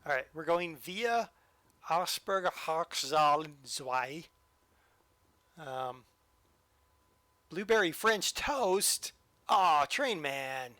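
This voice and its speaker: Male streamer, bright and slightly high voice, dry close sound, playful running commentary. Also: sing-song, slow pace, pauses often, dry recording. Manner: joking, talks to the train. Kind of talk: live-stream gameplay commentary.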